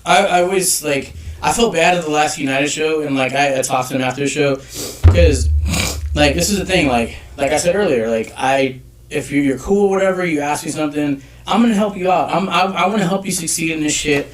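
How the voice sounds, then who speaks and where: A man telling stories as a photographer guest on a casual podcast, talking in a profane, animated way. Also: fairly high pitch, a little fast, distant mic, a little hiss or hum.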